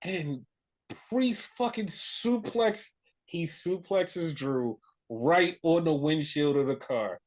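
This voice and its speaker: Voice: medium pitch, takes it slowly, dull audio. A podcast host recapping in casual chat, swearing freely and acting out quotes. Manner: profane, animated retelling with voiced quotes.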